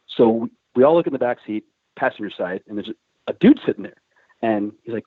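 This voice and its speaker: Casual male podcast guest with animated, profane storytelling; dry, phone-thin audio. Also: mid-range voice, quick pace, dry recording. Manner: animated, swearing, acts out shouted quotes. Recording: dry, tinny phone-like sound.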